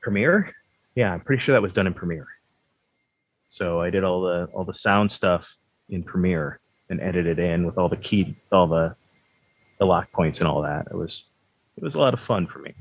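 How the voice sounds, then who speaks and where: A man's voice: low voice, moderate pace, breathy edge, no room sound, lo-fi sound. A man hosting a podcast, chatting casually in a rambling, self-deprecating, joking way. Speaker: podcast host.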